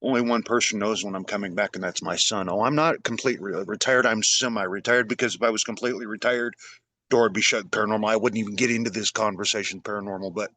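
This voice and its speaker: A middle-aged man hosting a conversation, talking in an animated, rambling way. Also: lowish voice, quick pace, no echo. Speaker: podcast host. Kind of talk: casual conversation.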